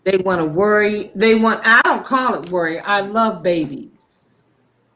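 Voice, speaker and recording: On a talk show, a woman with a medium-pitched, fairly bright voice talks about faith in a heartfelt, preachy way, peppered with blunt profanity. She is impassioned and frank, and her delivery is slow and deliberate.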